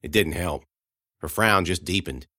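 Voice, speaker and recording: A man narrating a first-person audiobook in a folksy, conversational way, going hushed at grim moments. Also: sits low, a little slow, no echo, studio quality.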